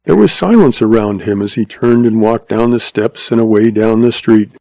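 A man narrating a western story in a measured, unhurried audiobook reading. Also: lowish voice, gravelly, dark tone, dry recording.

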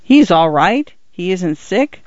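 A man voicing a calm, unhurried ranch hand who speaks philosophically, recorded on a dull, dry track. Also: high-pitched, dry recording, exaggerated voice. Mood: concerned.

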